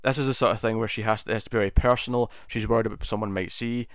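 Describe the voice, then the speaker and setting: A man's voice: fairly low pitch, steady tone, rapid-fire, a bit bright, dry recording, studio quality. A man casually talking through a TV episode, rambling with many restarts and fillers. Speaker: TV episode reviewer. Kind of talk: casual spoken review.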